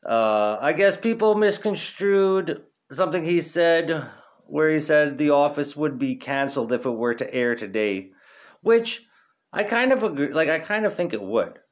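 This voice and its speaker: A man's voice: fairly high pitch, very animated, unhurried. A young man hosting a podcast in casual chat, laid-back and rambling, swearing freely, stoned. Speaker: podcast host.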